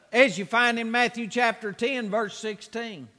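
A man preaching a sermon with emphatic, repeated exhortations that swell into shouts. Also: extremely high pitch, slow, big-room sound.

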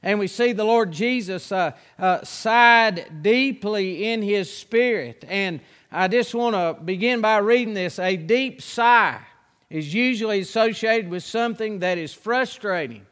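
A man preaching as pastor, reading scripture and then teaching in an earnest, drawn-out way. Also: high voice, a bit bright, clean tone, long reverb tail.

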